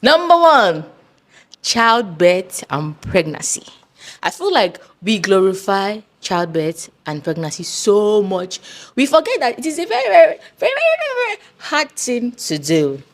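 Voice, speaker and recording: A woman talks to camera and lists her reasons bluntly and emphatically. Her pitch rises and falls widely as she stresses her points. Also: sing-song, measured pace. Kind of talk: casual talking-to-camera list.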